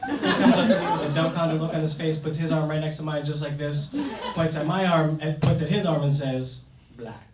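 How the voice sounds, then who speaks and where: A young man tells a true story with comic timing at a live storytelling night. His voice sits slightly high and sounds distant in a roomy hall. Audience noise is heard behind him. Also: a little fast, over a noisy crowd. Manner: comic, conversational, animated. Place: stage before a live audience. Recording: echoey hall, mic from afar, audience noise.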